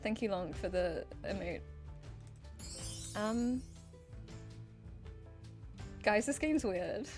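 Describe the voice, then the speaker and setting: A woman's voice: mid-range voice, lively intonation, measured pace, pauses often, faint music behind. A woman streaming a game, chatting casually and giggling, with many "like"s and "um"s. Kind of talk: casual game livestream chat.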